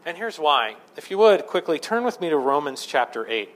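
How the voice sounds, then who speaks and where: A man's voice: fairly high pitch, very animated, moderate pace. A man preaching a sermon as pastor, conversational and self-deprecating, building to fervent emphasis.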